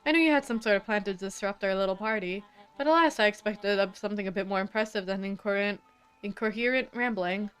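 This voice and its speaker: A woman voicing a cold, condescending male villain who speaks in measured threats. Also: mid-range voice, fairly bright tone, clean tone, soft background music, lightly acted. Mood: icy contempt. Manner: icy, condescending, drawn-out threats. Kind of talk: game dialogue read aloud.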